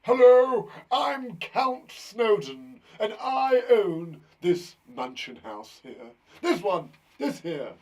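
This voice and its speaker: A man's voice: high voice, very animated, slow pace, few pauses, pitched above the performer's own voice, heavily acted. A man voicing a grand, boastful male count who shows off his mansion, pointing things out in a showy way. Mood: showing off.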